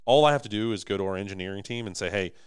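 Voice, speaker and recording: A young man chatting enthusiastically on a podcast about his company, his voice going hoarse. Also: on the low side, rapid-fire, dry recording, studio quality. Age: young adult. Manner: enthusiastic, emphatic salesman. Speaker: podcast host, manufacturing company owner. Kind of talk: casual podcast chat.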